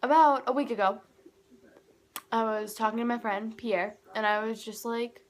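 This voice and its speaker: A woman's voice: on the high side, steady tone, moderate pace. A teenage girl telling a story to camera at home in a casual, chatty way, acting out what people said. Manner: chatty, acts out quoted dialogue. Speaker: vlogger.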